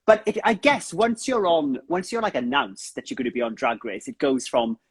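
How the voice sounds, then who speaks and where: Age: adult. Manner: effusive, husky, dry-sounding questioner. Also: mid-range voice, normal speed, no room sound. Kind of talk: casual chat on a live stream. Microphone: phone on a video call.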